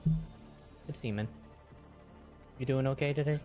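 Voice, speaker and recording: A man's voice: mid-range voice, unhurried, warm tone, soft background music. A man streaming a game, talking casually to himself with mild minced oaths. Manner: chatty self-talk with mild minced oaths. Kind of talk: casual gameplay commentary.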